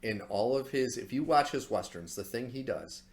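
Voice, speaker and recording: A man's voice: medium pitch, expressive, normal speed. A man co-hosting a podcast in casual chat, blunt and dismissive, often agreeing with short grumbled remarks. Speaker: podcast co-host.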